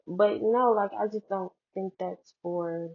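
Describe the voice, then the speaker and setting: Speaking slowly and loosely, a young woman vlogger drifts through casual chat in a husky voice, her rambling full of fillers and self-mocking jokes. Her headphone mic gives a thin, tinny, low-quality sound, almost phone-like.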